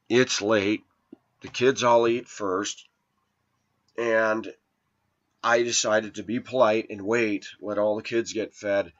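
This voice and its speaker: A low-voiced man rambles through a grievance-filled personal story. His tone turns aggrieved and complaining as he retells old slights. The recording sounds dull and lo-fi. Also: a bit bright. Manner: aggrieved, complaining, voice rising when quoting arguments. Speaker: vlogger telling a personal story. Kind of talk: rambling first-person monologue.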